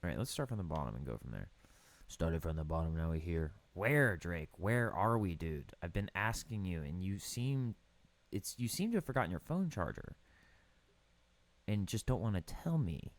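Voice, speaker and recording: A young man casually commentating over a building game, riffing deadpan puns on place names. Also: sits low, moderate pace, vocal fry, no room sound. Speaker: gaming streamer.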